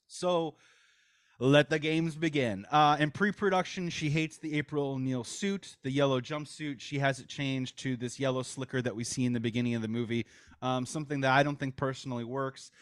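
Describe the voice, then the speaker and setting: A man's voice: medium pitch, no room sound, studio quality. A man hosting a podcast, recapping behind-the-scenes stories casually and handing questions to his guests. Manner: recaps trivia in a storytelling way, hands off to guests. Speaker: podcast host. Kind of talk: casual chat.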